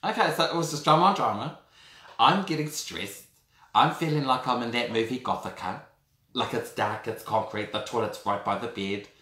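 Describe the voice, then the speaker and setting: A man in his thirties with a New Zealand accent, telling a personal story to camera in a camp, animated way and often calling the listener "girl". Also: medium pitch, moderate pace. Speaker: vlogger. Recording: roomy echo.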